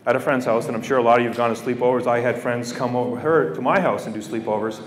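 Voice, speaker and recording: A man's voice: mid-range voice, fairly even intonation, quick pace, slight background noise. A middle-aged man from Canada giving a heartfelt public speech to students, repeating phrases for weight. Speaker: guest speaker. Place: school hall or gym. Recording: echoey hall from far off.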